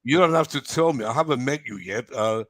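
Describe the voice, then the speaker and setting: A man hosting a casual football fan livestream, talking in a halting way with many fillers and restarts. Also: mid-range voice, animated, fairly bright tone, dry recording. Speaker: host of fan channel livestream. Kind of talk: casual heated fan debate.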